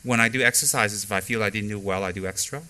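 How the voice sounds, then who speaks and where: A man's voice: fairly low pitch, fast talker, sharp tone. A middle-aged man giving a spoken dharma teaching as a Buddhist teacher, emphatic and repeating key phrases for stress, mixing in candid stories from his own practice. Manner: candid personal storytelling.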